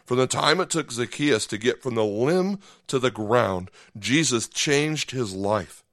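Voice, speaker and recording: A man's voice: medium pitch, expressive, a little slow, fairly bright tone, dry recording, studio quality. A man preaching a podcast sermon in a conversational way, acting out short voiced asides and often checking in with "okay?". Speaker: pastor.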